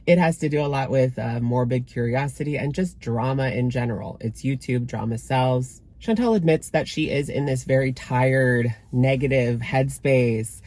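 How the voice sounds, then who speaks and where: A man's voice: mid-range voice, moderate pace, hardly any pauses, darkish tone. Male commentary host, casual delivery, dry sarcastic bite. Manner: sarcastic, dismissive.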